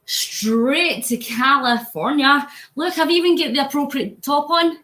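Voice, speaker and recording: A woman's voice: high-pitched, unhurried, sharp tone, reverberant. A Scottish woman chatting casually to viewers on a phone live stream while pedalling an exercise bike, reading out comments and getting sweaty. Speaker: vlogger live-streaming a charity cycle. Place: indoors at home on an exercise bike.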